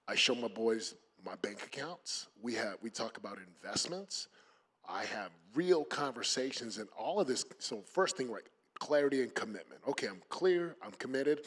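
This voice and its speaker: A man's voice: medium pitch, breathy edge. A man speaking on a panel about raising his sons, emphatic and full of fillers and restarts. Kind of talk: motivational panel talk.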